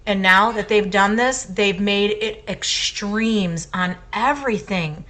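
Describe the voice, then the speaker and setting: A middle-aged woman co-hosts a casual talk podcast, speaking slowly in a mid-range, slightly bright voice. She gives her opinions with passion, pressing her points hard and repeating them for emphasis.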